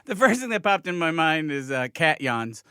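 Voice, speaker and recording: A man who is a comedian and director, talking as a podcast guest, quiet and reflective with frequent restarts. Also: a little high, very animated, normal speed, clean tone, dry recording, studio quality. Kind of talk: podcast conversation.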